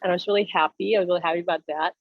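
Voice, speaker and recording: A woman speaking as a spiritual medium in a casual talk, telling stories in a lively way and laughing often. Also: fairly low pitch, racing, no room sound, muffled recording. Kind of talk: casual talk show chat.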